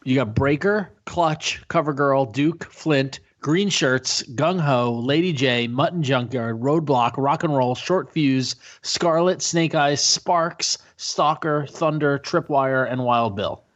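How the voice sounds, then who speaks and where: A man co-hosts a podcast in a loose, animated way and laughs often. His voice sits at a middle pitch. The recording is a little dull and lo-fi. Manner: animated, laughs often, lists names quickly. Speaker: podcast co-host. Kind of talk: casual chat about a cartoon. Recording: dull lo-fi sound.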